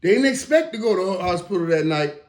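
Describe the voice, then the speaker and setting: A man in his fifties hosting a casual reaction monologue, talking emphatically with stammered restarts and dropping into low mutters. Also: animated, fast. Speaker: host. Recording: roomy echo.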